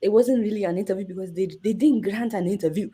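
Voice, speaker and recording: A woman in her thirties with a Nigerian accent, a journalist guest telling a story with lively energy and acting out the people she quotes. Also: fast talker, slightly rough. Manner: acts out quoted voices with big pitch jumps. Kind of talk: animated storytelling in conversation.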